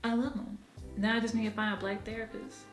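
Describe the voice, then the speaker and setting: A woman's voice: a little high, little pitch movement, fast, roomy sound, faint music behind. A woman talking frankly and emotionally in a candid personal vlog, swearing freely and laughing often. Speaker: vlogger.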